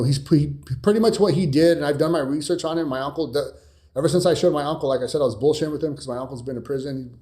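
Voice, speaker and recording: A man's voice: a little high, mellow. A young man from California chatting casually in a live Q&A, rambling with many fillers and restarts, blunt and swearing at times. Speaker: cybersecurity streamer answering viewer questions.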